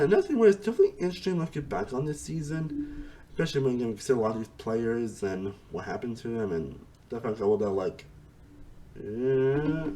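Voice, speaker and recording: A man's voice: mid-range voice, mellow. A man giving a casual, rambling spoken review, repeating himself and saying "honestly" often.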